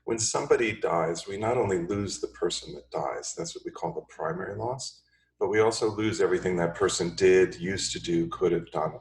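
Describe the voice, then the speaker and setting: A man with a very low voice tells stories in a calm, measured lecture. He sits well away from the microphone. The room around him echoes. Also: slight background noise. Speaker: pediatrician speaking on child grief. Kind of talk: recorded lecture. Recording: echoey room, far from mic.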